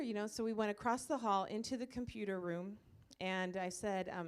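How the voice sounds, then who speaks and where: Speaking in a medium pitch, a church ministry leader introduces a comfort dog during an informal talk to a church group. Her storytelling is chatty and packed with fillers, delivered live in a church meeting room.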